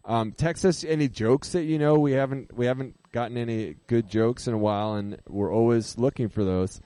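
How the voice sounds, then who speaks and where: Rambling radio host, dry studio sound. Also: male voice, medium pitch, normal speed, warm tone, clear, resonant tone, no echo. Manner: rambling, self-correcting, laughs at own jokes. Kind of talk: casual live radio chat. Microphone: studio microphone.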